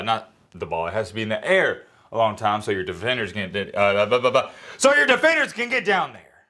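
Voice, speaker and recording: A man's voice: mid-range voice, fairly bright tone. A man rants through a casual college football reaction in an ordinary, mid-range voice. He talks bluntly and with strong opinions, pokes fun at himself, and often loses the thread before starting over. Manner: blunt, opinionated, self-mocking; rambling with restarts. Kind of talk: casual sports reaction rant.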